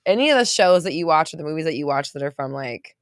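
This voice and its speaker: A woman's voice: low voice, expressive, fast talker, dry recording, clean studio sound. A woman with a valley girl accent hosting a podcast livestream, chatting casually and reading out viewer comments in a bubbly, chatty way with lots of fillers. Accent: American valley girl. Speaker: podcast host. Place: home studio.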